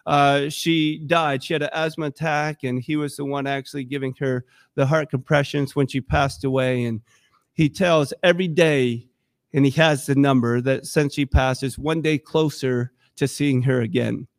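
A man's voice: medium pitch, steady tone, normal speed, dry recording, studio quality. A man preaching a sermon in a church, talking in a conversational, emotional and impassioned way. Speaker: pastor.

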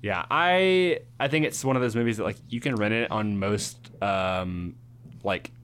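A man's voice: lowish voice, a little slow, slight background noise. Easygoing young man chatting about movies. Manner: relaxed, agreeable, frequent "yeah" and "like". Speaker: movie review co-host. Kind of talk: casual movie review chat.

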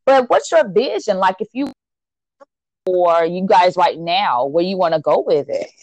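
A woman's voice: fairly low pitch, lively intonation, measured pace, darkish tone, no echo. A woman hosting a podcast in casual chat, upbeat and loose with lots of ums and repeated words. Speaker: podcast host.

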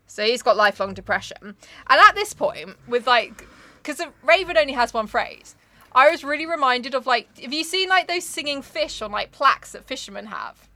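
A woman's voice: high voice, animated, moderate pace, sharp tone, no echo. A young woman hosting a casual chat, cheekily joking and swearing while reading a poem aloud. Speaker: podcast host.

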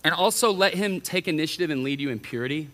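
A middle-aged man, a college pastor preaching a sermon in an animated way, often acting out the voices of the people he quotes. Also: on the high side, fast talker. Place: church auditorium. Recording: reverberant church hall.

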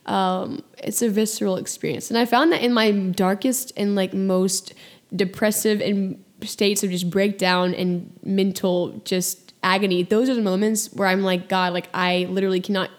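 A woman hosting her podcast, talking in an earnest, gentle way through a reflective monologue about faith, full of "like" and "you know". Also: medium pitch, fairly even intonation, a little slow. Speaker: podcast host.

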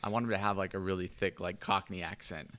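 A man's voice: deep voice, fairly even intonation, quick pace, fairly bright tone, a little hiss or hum. A man on a casual podcast, eagerly telling his character's backstory with lots of fillers and restarts. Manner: rambling storyteller, many fillers. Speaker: player describing his character.

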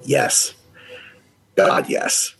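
A man's voice: very slow, fairly bright tone. A man, a guest on a casual podcast, talking with profanity and emphasis.

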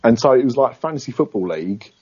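A man co-hosting a podcast in casual chat, dry and teasing, with a husky voice. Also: mid-range voice, lively intonation, quick pace, darkish tone, highs cut off. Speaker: podcast co-host.

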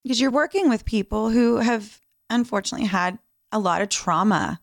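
A woman's voice: fairly high pitch, brisk, gravelly, no room sound, studio quality. A woman hosting a casual conversation, speaking in a reflective way. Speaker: podcast host.

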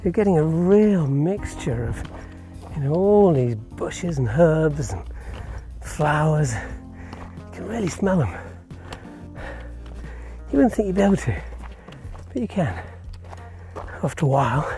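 Man, podcast host on a hike, slow mellow delivery, winded, halting and rambling, faint music underneath. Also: a little high, animated. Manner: rambling, halting, many fillers and restarts. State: a little out of breath. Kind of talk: casual walking vlog. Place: outdoors on a hillside hiking path.

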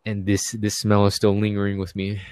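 A man's voice: lowish voice, monotone, normal speed, darkish tone, no room sound. A young man telling a rambling, profane, comic story in casual chat.

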